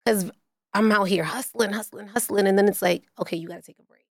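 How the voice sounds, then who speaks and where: A woman, hosting a casual interview, quick, emphatic and playful. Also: medium pitch, fairly even intonation, no room sound, clean studio sound. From Puerto Rican, living in the Bronx. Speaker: podcast host.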